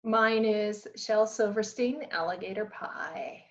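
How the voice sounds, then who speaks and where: A woman answering quick questions in a casual chat, giving brief answers and laughing, on a dull lo-fi recording. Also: medium pitch. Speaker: guest. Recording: dull lo-fi sound.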